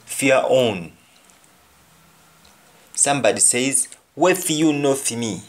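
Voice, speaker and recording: A man with a Jamaican accent teaching a language lesson, repeating each phrase slowly and then translating it. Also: medium pitch. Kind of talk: slow spoken language lesson.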